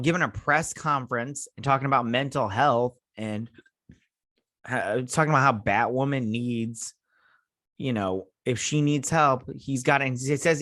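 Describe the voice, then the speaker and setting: Here a male host with a mid-range, somewhat bright voice pokes sarcastic fun at a TV episode during a relaxed review, acting out the dialogue in ridiculous voices. There's no room sound, just a clean studio recording.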